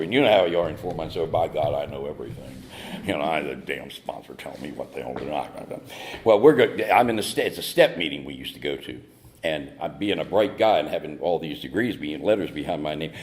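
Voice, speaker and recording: A man from North Carolina with a deep, low voice spins a comic personal story for a meeting. His pitch leaps and falls expressively, and his delivery is wry and mock-indignant. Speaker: speaker at AA meeting.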